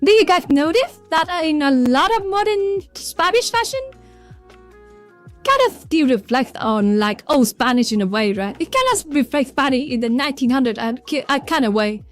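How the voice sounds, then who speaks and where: A woman's voice: high voice, lively intonation, normal speed. A woman with a Vietnamese accent chatting casually on a livestream, rambling and greeting viewers from chat by name. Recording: faint background music.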